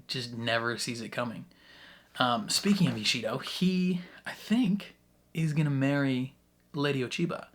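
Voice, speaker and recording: Excitable man laughing through his reactions. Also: mid-range voice. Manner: excitable, laughs often between thoughts; rambling with many restarts and fillers. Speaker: YouTube reaction host. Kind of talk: casual reaction commentary.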